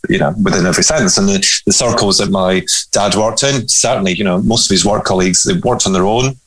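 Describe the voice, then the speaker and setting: A man talks casually on a podcast, weighing his words with pauses and ums. His voice sits a little low. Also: fairly bright tone, slightly rough, rough recording. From Scotland. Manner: reflective, measured, hedging with ums. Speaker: podcast co-host. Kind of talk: casual conversational chat.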